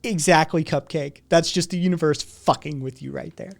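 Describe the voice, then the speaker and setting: Male streamer, casual and crude, raised pitch, talks over quiet background music. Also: steady tone, normal speed, vocal fry, few pauses. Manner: rambling, heavy swearing, frequent "right?" asides. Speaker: livestream host. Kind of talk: casual profane storytelling to chat.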